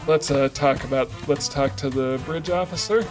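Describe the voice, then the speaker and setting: A man's voice: fairly high pitch, normal speed, music in the background. A man narrating his moves in a story game, thinking aloud and reading out choices. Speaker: let's play streamer.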